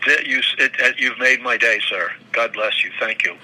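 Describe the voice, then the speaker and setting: An older man talks in long, rambling answers, stumbling over repeated words and restarting his sentences. His voice has a very bright, forward edge. It sounds like an unscripted interview. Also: mid-range voice, normal speed, few pauses, poor audio. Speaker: guest.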